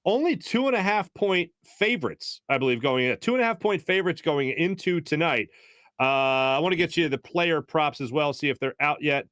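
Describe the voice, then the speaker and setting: Energetic sports radio host, dry studio sound. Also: male voice, on the high side, brisk, no room sound. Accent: Philadelphia. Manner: rambling storyteller, energetic, many restarts. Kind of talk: casual sports talk show monologue. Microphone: studio microphone.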